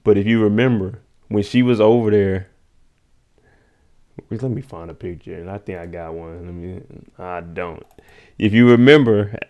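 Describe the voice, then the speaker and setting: Laid-back low-voiced man recapping. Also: darkish tone. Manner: laid-back slang, reads chat names, acts out scenes in high voices. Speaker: streamer recapping a TV episode. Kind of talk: casual live-stream chat.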